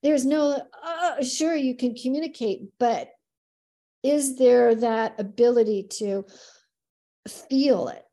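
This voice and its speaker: A middle-aged woman, a dance teacher guesting on a podcast, telling stories in a lively, expressive way. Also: high-pitched, slow pace. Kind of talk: casual podcast conversation.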